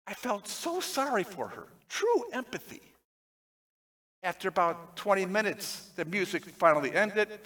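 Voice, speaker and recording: A man preaching a sermon, telling a personal story with lively swings between excited, loud passages and hushed, tender ones. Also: high voice. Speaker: pastor.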